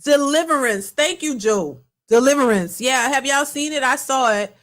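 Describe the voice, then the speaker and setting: Rambling woman on a livestream, kinda high voice, chatting to y'all. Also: normal speed, a bit bright. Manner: rambling, talks to viewers as y'all, reads super chats. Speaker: reaction channel host. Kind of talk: casual livestream chat.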